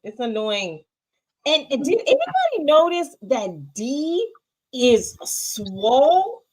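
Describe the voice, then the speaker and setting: A woman in a casual TV review chat, throwing in quick agreements and mildly exasperated remarks. Her voice sits fairly high and moves lively in pitch. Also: poor audio. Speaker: co-host of a TV review show.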